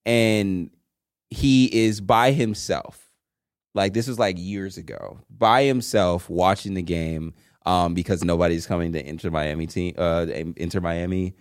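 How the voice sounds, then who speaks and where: A man's voice: low-pitched, unhurried, clean tone, no room sound, clean studio sound. A man co-hosting a casual movie podcast, blunt and joking, with plenty of swearing. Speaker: podcast co-host.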